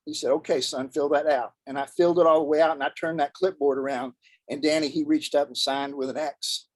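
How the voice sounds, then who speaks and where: A man with a fairly high voice tells a story from his working life on a video call, earnest and folksy. The sound is dry and close. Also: fairly even intonation, a little fast, no room sound, low-quality recording. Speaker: guest speaker.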